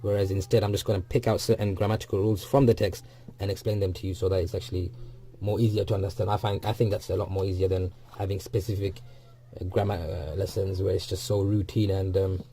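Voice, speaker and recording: Low mellow-voiced man teaching a lesson. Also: steady tone, brisk. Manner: explains step by step, repeats phrases, frequent ums. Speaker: Arabic teacher. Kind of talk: recorded textbook lesson.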